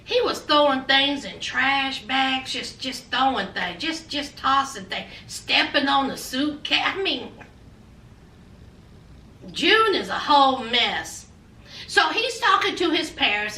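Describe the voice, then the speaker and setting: A woman's voice: sits high, slow, roomy sound, recorded from a distance. A woman, recapping a reality show in a sassy, chatty way, calling listeners honey and child. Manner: sassy and animated, calls viewers honey and child, acts out quotes.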